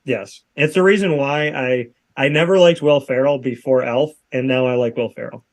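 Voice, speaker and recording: A man's voice: mid-range voice, normal speed. A man in his thirties hosting a talk show, speaking emphatically and repeating phrases for effect. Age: 30s. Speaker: show host. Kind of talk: casual talk show chat.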